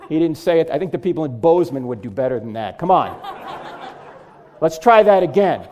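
A middle-aged man speaks to a live crowd in a comic lecture on apologetics, landing one punchline after another. His voice sits high for a man. It leaps up and down with lively, animated swings. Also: fairly quick, muffled recording, slight background noise. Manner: joking, punchline-driven delivery. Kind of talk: humorous lecture to a live audience.

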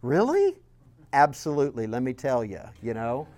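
A man with a Southern accent giving a sermon-style teaching talk, telling stories earnestly and swinging between loud emphasis and soft, quiet lines. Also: medium pitch, wildly swooping pitch, normal speed. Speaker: speaker.

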